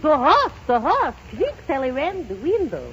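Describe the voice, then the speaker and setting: A comedienne playing a comic Empress Josephine with a mock French accent in a 1930s radio comedy sketch, drawn-out and slow. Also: female voice, high voice, wildly swooping pitch. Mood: mock dramatic. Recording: muffled old radio broadcast with hiss.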